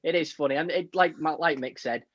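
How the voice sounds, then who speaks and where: Fast-talking man, casual podcast co-host. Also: fairly high pitch, a bit bright, no room sound, highs cut off. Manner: fast, chatty, many fillers. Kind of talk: casual chat.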